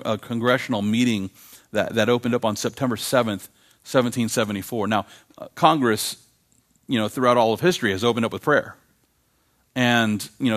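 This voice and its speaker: A man preaching a sermon as pastor, emphatic, repeating key phrases and slowing down to read quotations aloud. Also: medium pitch, fairly bright tone. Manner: frequent fillers and restarts.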